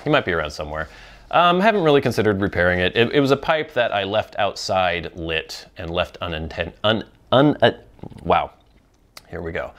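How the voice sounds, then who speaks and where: A man's voice: sits low, animated, normal speed, a bit bright. A man hosting a pipe-smoking talk show, rambling through viewer questions in casual chat, with frequent ums and restarts.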